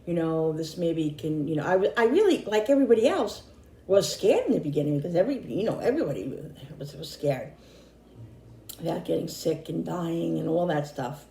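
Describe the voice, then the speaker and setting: A middle-aged woman vlogger chatting casually to camera, rambling and repeating herself, slightly hoarse and tired. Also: fairly low pitch, very animated, a little fast, mellow. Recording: echoey room.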